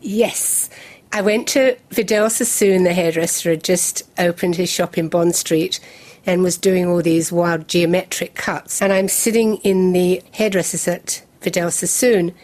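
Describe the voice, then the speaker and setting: Older woman telling lively anecdotes. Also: on the low side, measured pace. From England. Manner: lively anecdotal storytelling with laughs. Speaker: guest. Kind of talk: storytelling interview.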